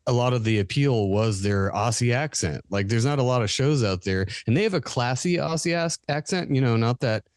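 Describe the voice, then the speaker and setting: A man's voice: medium pitch, lively intonation, a little fast, few pauses, dry recording, studio quality. An American man chatting casually as a co-host, joking and self-deprecating. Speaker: guest co-host. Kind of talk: casual chat.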